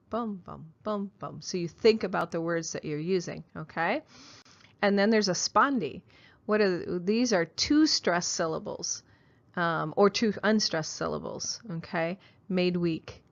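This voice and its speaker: A woman teacher lectures her class, walking through the assignment step by step and pausing to check in with "okay?". Her voice sits fairly low. The recording is muffled and lo-fi. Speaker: high school English teacher.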